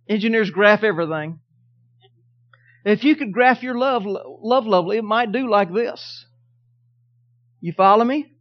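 A man preaching a sermon, telling a personal story in a folksy way, swinging from quiet asides to emphatic declarations. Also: high voice, animated, measured pace, pauses often, highs cut off. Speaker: pastor.

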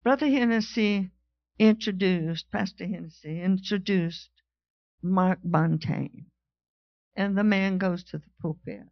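A woman's voice: medium pitch, measured pace, no room sound. A woman preaching a sermon, telling a story and reading scripture aloud with rising fervor. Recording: dull lo-fi sound.

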